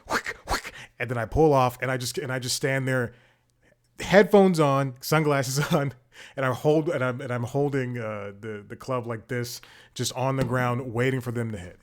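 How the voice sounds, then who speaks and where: A young man hosting a comedy podcast, telling a long exasperated story in a rambling casual way, with many restarts and laughs. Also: mid-range voice. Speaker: podcast host.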